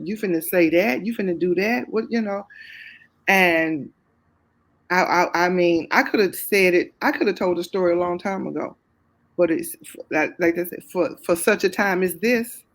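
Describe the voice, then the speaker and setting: A woman with a Southern US accent, speaking as a guest and telling her life story openly, full of faith and repeating phrases for emphasis. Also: on the low side. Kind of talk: candid testimony in conversation.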